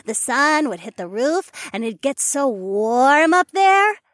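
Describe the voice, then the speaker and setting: A man's voice: very high voice, big pitch swings, slow pace, fairly bright tone, no room sound, studio quality, pitched above the performer's own voice, heavily acted. A man voicing a sleepy, playful young cat-woman in an audiobook, dreamy and wistful. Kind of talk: audiobook character voice.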